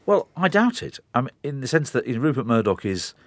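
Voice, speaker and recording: A man commenting on the media in a studio discussion, speaking forcefully with frequent restarts and interruptions. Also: mid-range voice, sing-song, fast talker, dry recording. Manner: forceful, interrupts, talks in bursts with many restarts.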